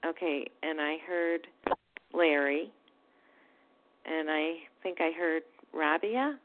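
A woman chairing a group meeting, briskly checking who wants to speak next. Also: sits low. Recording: phone-like line.

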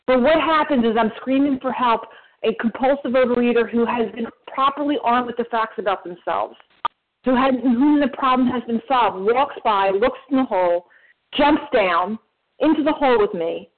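A woman sharing at a recovery meeting, telling a parable and acting out the voices of the people in it. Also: a little high. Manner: storytelling, acts out voices in a parable. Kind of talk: emotional recovery share. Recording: phone-line call audio.

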